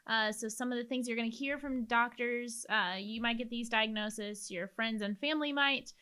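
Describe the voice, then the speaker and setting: A woman's voice: on the high side, steady tone, moderate pace, sharp tone, clear, resonant tone. A woman hosting a podcast, chatty and upbeat as she introduces the episode and jokes with her guests. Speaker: podcast host.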